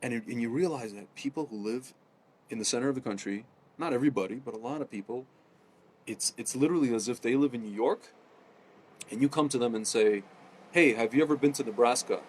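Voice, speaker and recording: A man ranting casually to camera, rambling with many fillers and restarts, often addressing his audience as ladies and gentlemen. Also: mid-range voice, a little fast, slightly rough. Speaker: political commentator. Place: home in Jerusalem.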